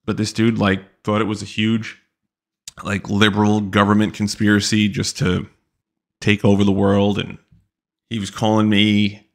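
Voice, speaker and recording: Gravelly, low-voiced man telling a story. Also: monotone, measured pace. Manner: rambling, profane, exasperated retelling. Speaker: podcast host. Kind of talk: casual storytelling monologue.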